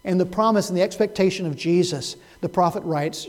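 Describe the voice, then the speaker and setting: A man preaching a Sunday sermon as pastor, swinging from loud, pleading cries to hushed, soft words. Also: high-pitched, fairly quick, hardly any pauses, poor audio.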